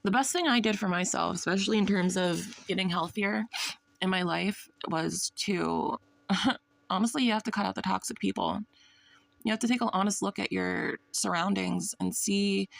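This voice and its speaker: Woman reacting to a vlog, blunt and sweary, kinda gravelly, dry close mic. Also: mid-range voice, no echo. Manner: blunt, mocking, swears freely. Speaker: reaction channel host. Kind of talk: casual reaction commentary.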